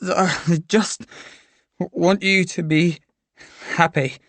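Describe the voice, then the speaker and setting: A woman's voice: fairly low pitch, fairly even intonation, extremely slow, no room sound. A woman reading a story aloud and voicing a withdrawn teenage boy who mumbles and slurs his words.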